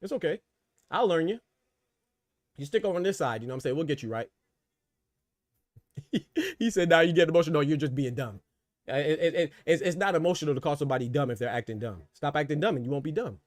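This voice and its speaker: A man's voice: sits high, expressive, brisk, long pauses, darkish tone, no echo, studio quality. A man hosting a boxing livestream, ranting back at his chat in a heated, mocking way, stammering and repeating words. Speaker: boxing commentary livestream host. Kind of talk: livestream rant answering chat.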